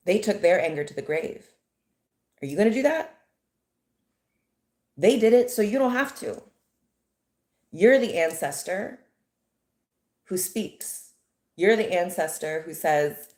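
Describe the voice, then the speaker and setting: A woman's voice: fairly low pitch, expressive, takes it slowly, pauses often, a little mellow, roomy sound. An American woman giving an impassioned, indignant monologue full of rhetorical questions. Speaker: commentator.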